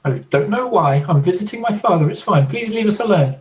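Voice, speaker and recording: Give me a man chatting as a player in a tabletop game, lively pitch, muffled echoey recording. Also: a little fast. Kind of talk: tabletop game play over a call. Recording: echoey dull-sounding room.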